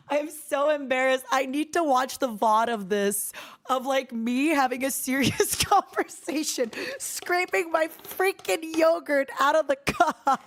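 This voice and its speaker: A woman's voice: high-pitched, slow pace, slight background noise. A woman VTuber chatting casually on a live stream, giggly and playfully dramatic, laughing often.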